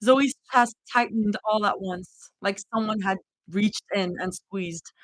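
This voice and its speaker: A woman reading fanfiction aloud in an expressive, heartfelt live reading. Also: medium pitch, slow pace, no room sound, rough recording. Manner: expressive reading with emotional reactions. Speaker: fanfiction reader.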